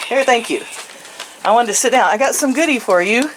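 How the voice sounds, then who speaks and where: An older woman, a vlogger, chats outdoors to her chickens and rabbits, cooing in sing-song baby talk and laughing a lot. Her voice is fairly high and expressive, she talks a little fast, and the background is noisy.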